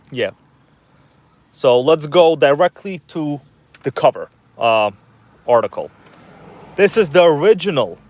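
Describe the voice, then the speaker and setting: A man hosting a casual livestream from inside his parked car at night, chatting loosely and greeting viewers by name. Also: medium pitch. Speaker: livestream host. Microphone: phone.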